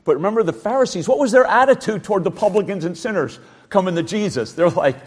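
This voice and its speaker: A man preaching a sermon, swinging between loud, shouting emphasis and low, quiet passages. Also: lively intonation, fast, breathy edge.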